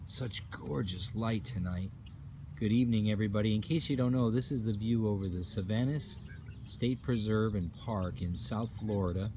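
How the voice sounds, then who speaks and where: A man's voice: lowish voice, dark tone, a little hiss or hum. Upbeat man streaming a sunset outdoors. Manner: upbeat, effusive, reads out viewer comments. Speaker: livestream host. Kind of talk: casual live-stream chat. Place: outdoors at a nature preserve at sunset.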